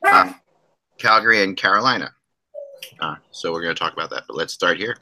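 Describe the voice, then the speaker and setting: Male podcast host, middle-aged, low and bright voice, loose joking delivery with restarts. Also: brisk, long pauses, slight background noise, low-quality recording. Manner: rambling, restarts often, joking. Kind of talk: casual hockey podcast chat.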